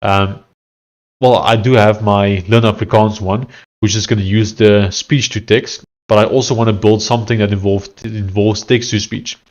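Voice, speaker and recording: The recording is muffled; his fairly low voice has little pitch movement and a moderate pace. He's a South African software developer streamer chatting casually while coding, thinking aloud hesitantly and frequently restarting sentences.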